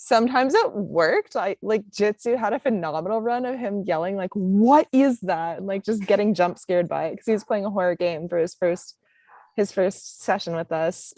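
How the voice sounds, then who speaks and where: A woman's voice: mid-range voice, darkish tone, dry recording. A woman on a marathon team, talking in a playful, emphatic way during a casual panel Q&A.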